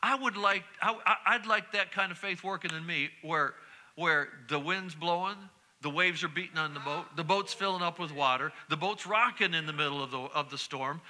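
A middle-aged male pastor preaching a sermon in a church, repeating refrains and breaking into sudden shouts. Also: on the high side, normal speed. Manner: preaching with call-and-response repetition and sudden shouts. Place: church sanctuary.

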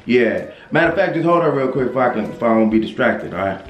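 Male comic for a phone-call sketch, animated and joking, in a roomy space. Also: medium pitch, fast talker. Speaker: comedy skit creator. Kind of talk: comedic phone call skit.

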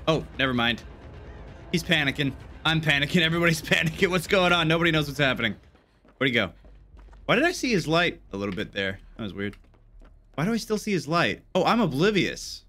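Young guy streaming a game, bouncy pitch, jokes and swears a lot, faint hiss behind. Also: a little fast. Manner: jokey, excitable, swears often. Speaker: gaming YouTuber. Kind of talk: casual gameplay commentary.

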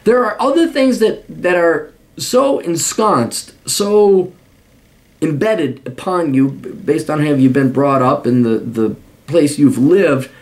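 A man's voice: a little high, expressive, takes it slowly. A man hosting a podcast, giving blunt, profanity-laced advice in a rambling monologue full of restarts.

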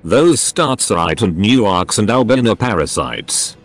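A man's voice: on the low side, very animated, a little slow, exaggerated voice. A man voicing an agitated male gunman who mumbles and snarls with resentment, in a storybook reading. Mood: hateful. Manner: mumbling, whimpering then snarling.

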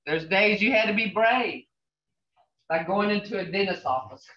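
An older woman teaching a language class, speaking slowly and repeating phrases with emphatic questions. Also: medium pitch, fairly bright tone. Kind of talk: language lesson. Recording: roomy, distant, dull sound.

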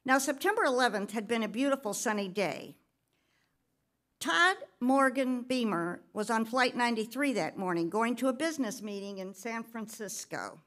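A woman's voice: fairly high pitch, lively intonation, normal speed, fairly bright tone. A pastor's wife giving a personal testimony during a church service, telling her story in a conversational way with occasional fillers.

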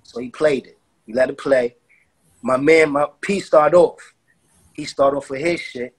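A man from Brooklyn telling an animated, profane story in a casual interview and acting out what people said. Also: mid-range voice, unhurried, slightly rough. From Brooklyn, New York. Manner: animated, profane street talk, acts out quotes. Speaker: interview guest, music producer.

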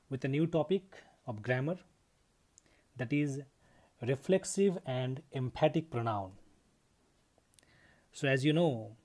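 A man's voice: a little high, mellow. A man teaching an English grammar lesson to his students, explaining step by step, repeating key points and checking in with a frequent "okay".

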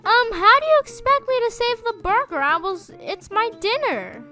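Bright, high-voiced panicky woman gamer. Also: sing-song, moderate pace, faint music behind. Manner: panicky, exclaiming, repeats phrases. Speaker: gamer and channel host. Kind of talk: roleplaying gameplay commentary.

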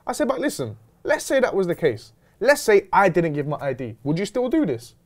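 Young guy telling a story, talks fast, voice jumping all over. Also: high-pitched. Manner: animated, slangy, retelling with quoted dialogue. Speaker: host. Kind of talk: casual storytelling chat.

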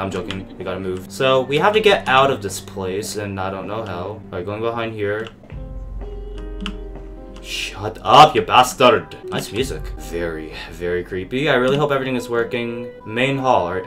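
A man's voice: lowish voice, fairly bright tone. Jumpy, swearing gaming commentator man. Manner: jumpy, swears and talks back to the game. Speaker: gaming YouTuber. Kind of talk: gameplay commentary. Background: game music.

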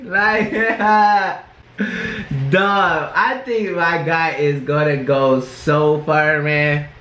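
A man's voice: a little high, steady tone, drawn-out words, bright, forceful tone, a little hiss or hum. A man in his twenties hosting a casual reaction video. He talks in a slangy, laid-back way, sprinkling his sentences with "bro" and "bruh". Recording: roomy echo with faint music. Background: faint music from the video being reacted to.

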